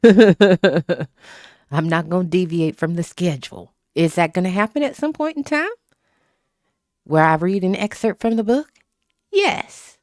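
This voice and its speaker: The audio is studio quality with no room sound, though an author is actually streaming from a home room with an open window. Laughing often and cursing freely, they chat casually with viewers in a mid-range voice through a small desktop mic.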